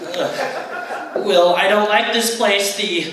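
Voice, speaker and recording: A teen emcee doing a jittery explorer sidekick, slow-spoken and stammering, with a bright voice that jumps up and down. He is heard from far off in a booming school hall. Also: fairly even intonation. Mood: uneasy. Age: teens. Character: jittery young explorer sidekick, scared of snakes. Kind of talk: comedy skit on stage. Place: school auditorium stage. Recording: echoey auditorium from far off, noisy.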